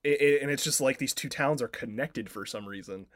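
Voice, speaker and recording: A man's voice: medium pitch, a little fast, no echo, clean studio sound. A man co-hosting a podcast, casually retelling a film plot in a rambling way, full of filler words and swearing. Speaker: podcast co-host.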